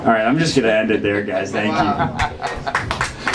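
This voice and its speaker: A man's voice: fairly low pitch, measured pace. A young man doing a rambling, self-deprecating stand-up set in a small bar. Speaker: stand-up comedian. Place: small bar with live crowd. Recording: echoey room, crowd noise.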